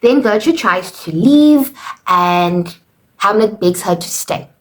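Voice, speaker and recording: A woman's voice: medium pitch, animated, takes it slowly. A woman teacher recapping a play for students in a casual lesson, filling her talk with "okay" and "you know" and paraphrasing the characters' lines. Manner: chatty, explains with paraphrased quotes, frequent "okay" and "you know".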